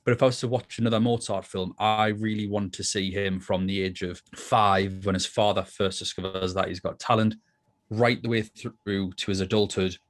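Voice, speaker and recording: Low-voiced man reviewing a film. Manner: opinionated, thinks aloud with restarts. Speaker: film review podcast co-host. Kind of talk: casual chat.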